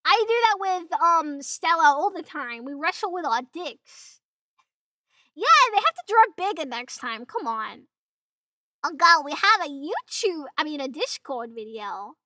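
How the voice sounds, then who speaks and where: Brief: young English streamer girl, squeaky-high and sharp, brash, curses a lot, dry close mic. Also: a little slow, dry recording. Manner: loud, excitable, swears often, laughs a lot. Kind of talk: reaction stream chat.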